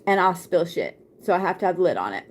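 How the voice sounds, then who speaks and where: A woman's voice: on the low side, sing-song, quick pace, slight background noise. A woman, chatting casually on a live stream as a card reader, laughing often and swearing freely.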